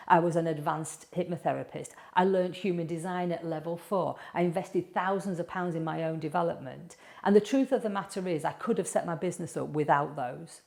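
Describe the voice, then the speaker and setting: A woman with a Yorkshire accent, teaching a public speaking course lesson in a lively, chatty way and putting questions to the viewer. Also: fairly low pitch, vocal fry. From Yorkshire, England. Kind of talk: recorded online course lesson.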